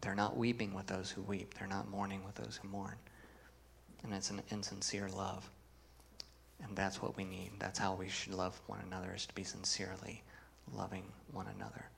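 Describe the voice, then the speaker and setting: A man's voice: sits low, flat delivery, normal speed, vocal fry, a bit bright, slight background noise. A man preaching a sermon as pastor, earnest, reading scripture with emphasis and putting questions to the congregation.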